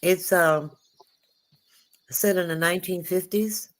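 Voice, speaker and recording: A woman's voice: fairly low pitch, steady tone, slow pace. A woman calling in to a live show, talking earnestly with many fillers. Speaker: caller. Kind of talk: call-in chat.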